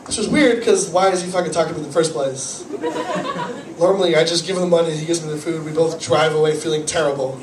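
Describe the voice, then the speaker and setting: High-voiced rambling stand-up man. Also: fast talker, a crowd in the background. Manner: rambling, self-deprecating, swearing, animated. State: has a cold. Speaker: stand-up comedian. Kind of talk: stand-up comedy set. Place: small cafe comedy night, from the audience area. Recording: echoey cafe room, camera far off, audible noise.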